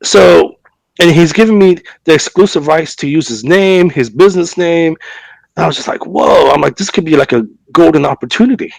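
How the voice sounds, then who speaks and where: A podcast co-host recovering from a cough and fever talks fairly quickly in a slightly high, animated voice that is creaky and a little mellow. He tells a long, chatty story, playing both sides of a conversation, with lots of fillers, repeated words and restarts. The audio is low quality, with no echo.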